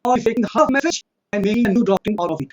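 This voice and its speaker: A man with an Indian accent arguing in a fast, insistent debate monologue, citing verses and repeating his points. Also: sits high, crowd noise, poor audio. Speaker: religious debater.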